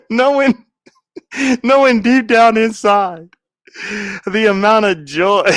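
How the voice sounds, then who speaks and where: A man's voice: high voice, fairly bright tone, clear, resonant tone, no echo, studio quality. A middle-aged man chatting casually on a livestream, telling a story dramatically with slangy asides and frequent laughter. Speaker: livestreaming content creator.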